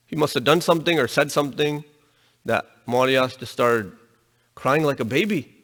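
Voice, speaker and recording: A man giving a religious lecture, telling a story in an animated way and raising his voice to stress his points. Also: on the high side. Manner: animated storytelling, voice rising with emphasis. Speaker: religious teacher. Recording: long reverb in a hall.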